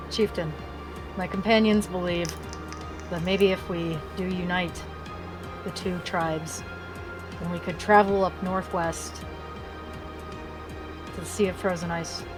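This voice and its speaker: A woman playing a tabletop game, speaking in character in a blunt, matter-of-fact way. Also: on the low side. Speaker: player. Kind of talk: tabletop role-play.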